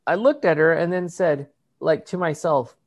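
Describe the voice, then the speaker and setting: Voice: medium pitch, animated, moderate pace. A podcast co-host telling a story in casual chat, swearing freely, laughing often and mimicking other people's voices.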